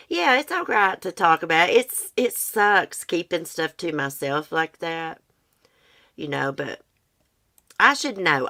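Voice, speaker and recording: Lady rambling to her stream chat, low deep-ish voice, confiding, casual. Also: pushed and bright. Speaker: livestream host.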